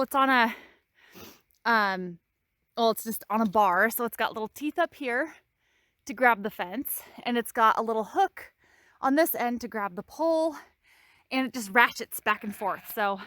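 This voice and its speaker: A woman's voice: on the high side, fairly bright tone, dry recording. A woman on her farm, venting frustration in a casual vlog while out of breath from hard work outdoors. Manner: exasperated, venting. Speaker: farm vlogger.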